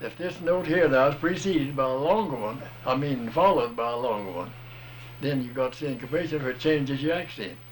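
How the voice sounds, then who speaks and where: A plain-spoken man talks through a point step by step, in a folksy, patient manner. His voice sits at an ordinary middle pitch. A faint hiss and some outdoor ambience sit behind him. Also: animated, moderate pace. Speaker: music teacher explaining rhythm. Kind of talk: casual explanation.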